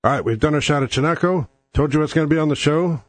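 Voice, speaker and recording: A man's voice: on the high side, fast talker, no echo. A man hosting his own show in a casual monologue, blunt, crude and sardonic, speaking close to the mic. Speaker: podcast host.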